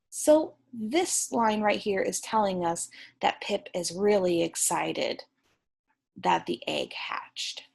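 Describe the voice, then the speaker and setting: A young woman teacher reading a picture book aloud to young students, slow, gentle and encouraging, stopping to ask the class questions. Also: a little high, husky.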